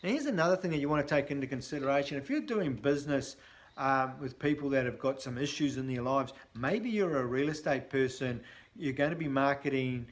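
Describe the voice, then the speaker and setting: A man's voice: medium pitch, fairly quick. A man hosting a sales training talk, speaking in a blunt, chatty way with frequent fillers. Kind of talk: casual instructional talk to camera.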